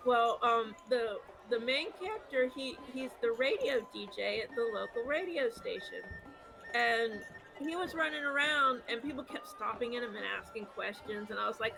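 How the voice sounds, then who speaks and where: A woman with a high, bright voice tells a funny story at her own expense. She is animated and keeps laughing at herself. Music plays clearly behind her. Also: normal speed, rough recording. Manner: animated, self-deprecating, laughs while telling stories. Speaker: podcast co-host. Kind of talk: casual storytelling chat.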